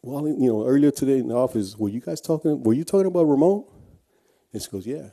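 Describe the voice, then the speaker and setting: Speaking fast in a warm, medium-pitched voice, a man shares his personal testimony as a guest speaker. He's earnest, though he keeps starting over as he tells his story.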